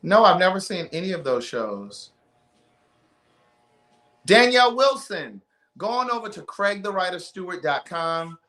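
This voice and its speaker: Bright-voiced man hosting a live stream. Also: sits high, sing-song, a little slow, long pauses. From Maryland. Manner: chatty, reads viewer names aloud. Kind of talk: casual chat.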